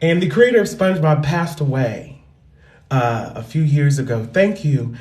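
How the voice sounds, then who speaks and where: Loud, profane woman comedian in echoey room. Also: deep voice, big pitch swings, measured pace. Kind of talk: casual comedic monologue. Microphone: microphone. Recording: roomy echo with faint music.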